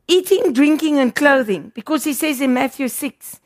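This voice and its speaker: High-voiced, unhurried woman preacher. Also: expressive. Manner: emphatic, repeating words for stress. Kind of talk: sermon.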